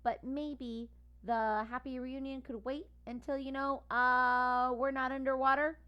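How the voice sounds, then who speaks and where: A woman's voice: high voice, flat delivery, a little slow, clean tone, dull audio, voice pushed up. A crusty older male dog, impatient and dryly sarcastic, read aloud by a woman. He interrupts with pointed politeness. Storybook grump. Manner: dry, sarcastic.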